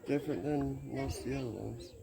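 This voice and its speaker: A man's voice: mid-range voice, brisk, vocal fry, very noisy. A man, strolling outdoors and casually suggesting where to walk and film. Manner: easygoing, giving casual directions. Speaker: walking companion. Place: outdoors in a park by the bayou. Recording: people audible in the background.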